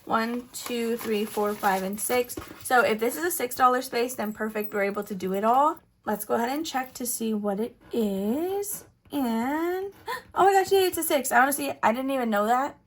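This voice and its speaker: A woman chatting casually in a budgeting vlog, counting money out loud with giggly asides. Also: fairly high pitch, moderate pace, hardly any pauses. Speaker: budgeting vlogger.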